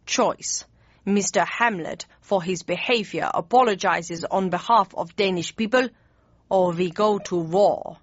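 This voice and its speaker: A woman's voice: fairly low pitch, no echo. A woman voicing a pompous, hot-tempered old male German chancellor with stiff, jumbled formal speech in an audiobook. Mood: pompous, blustering. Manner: slow, heavy, deliberate delivery. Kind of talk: audiobook character voice. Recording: dry, slightly dull studio read.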